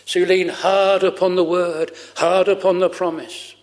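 A man's voice: sits high, little pitch movement, moderate pace, in a large hall. A man preaching a sermon fervently, repeating his phrases for emphasis.

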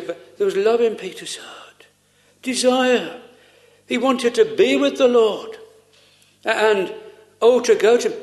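A man preaching a sermon in an earnest, pleading way, full of pauses and rhetorical questions. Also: high voice.

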